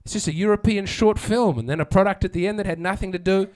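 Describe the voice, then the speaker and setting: Fast and high-pitched, this man is doing sardonic stand-up before a live crowd at a comedy venue. He banters with the audience and performs quotes as he goes.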